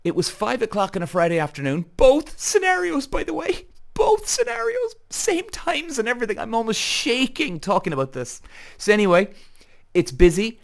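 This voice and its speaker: A man's voice: high-pitched, big pitch swings, a little fast, gravelly. A man with an Irish accent, a podcast host telling a heated story straight to his viewers, swearing freely. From Ireland. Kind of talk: animated storytelling rant.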